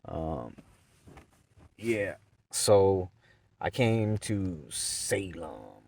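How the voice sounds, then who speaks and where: A man's voice: deep voice, expressive, very slow, pauses often, far from the mic. A young man telling a rambling story in casual, profane slang as a vlogger.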